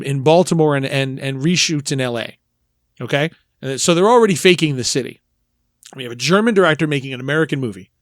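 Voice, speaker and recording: A man's voice: on the high side, a bit bright, no echo, studio quality. A man co-hosting a podcast, talking about films in a rambling, emphatic way with many restarts. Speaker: podcast co-host. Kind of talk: casual film discussion.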